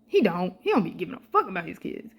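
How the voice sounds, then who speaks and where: A young woman giving casual fan commentary, excitable and animated, swearing freely and talking in slang. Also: on the low side, fast talker, breathy edge. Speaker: vlogger.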